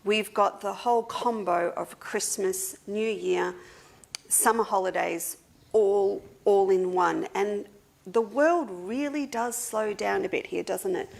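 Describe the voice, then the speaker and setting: Chatty Australian woman with a gravelly voice. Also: mid-range voice, slow. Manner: chatty, greets viewers one by one by name. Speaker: quilting shop owner hosting a livestream. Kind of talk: casual livestream chat. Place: seated at a table indoors.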